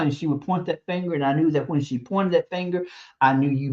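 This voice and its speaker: Quick and somewhat dark in tone, this medium-pitched stream host, a teacher by profession, offers casual, emphatic advice on raising children. Between points the speaker chuckles and repeats words to drive them home, all in lo-fi sound.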